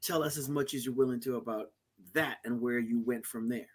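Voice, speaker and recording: Male podcast host asking measured questions. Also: mid-range voice, fairly even intonation. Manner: measured, summarizing before asking. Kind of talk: interview questions.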